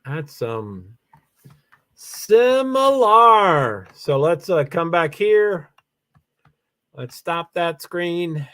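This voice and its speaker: A man's voice: a little high, expressive, extremely slow. A tired man hosting a casual livestream, rambling with many fillers as he reads out names and chats to viewers. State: tired, yawning. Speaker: livestream host.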